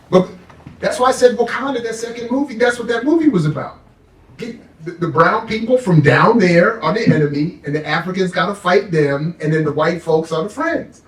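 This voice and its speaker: A fired-up, sarcastic man talking politics with a fairly high voice. He sits off the mic, so his voice rings in a roomy space. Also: normal speed, recorded from a distance. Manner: fired-up, sarcastic, mocks the powerful in put-on voices. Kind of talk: impassioned political talk.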